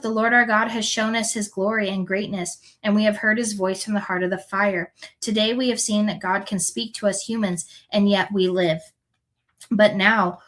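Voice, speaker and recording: Woman reading scripture, earnest and steady. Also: mid-range voice, rough recording. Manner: earnest, unhurried reading with small self-corrections. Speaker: scripture reader.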